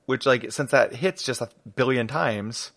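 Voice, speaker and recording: A man's voice: mid-range voice, measured pace, a bit bright, no echo. A man co-hosting a podcast in casual chat, tired and goofy, now and then breaking into silly singing. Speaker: podcast co-host.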